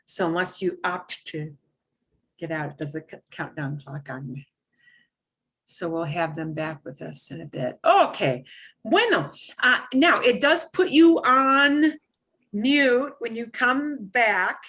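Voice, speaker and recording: A woman's voice: medium pitch, expressive, slow, fairly bright tone. A woman teaching a beginner Spanish class over a video call, patiently modeling words for students to repeat.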